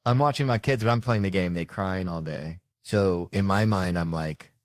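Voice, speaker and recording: A man tells stories in a stand-up comedy routine, jumping into the voices of his family as he goes. His voice sits a little low. The sound is dry and close, with no room echo. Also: moderate pace. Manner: animated storytelling, acting out family members.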